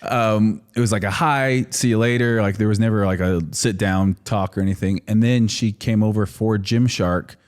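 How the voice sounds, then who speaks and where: A man in his thirties telling a story in relaxed, rambling casual chat as a podcast guest, often laughing and saying "like". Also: fairly low pitch, moderate pace, few pauses. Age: 30s.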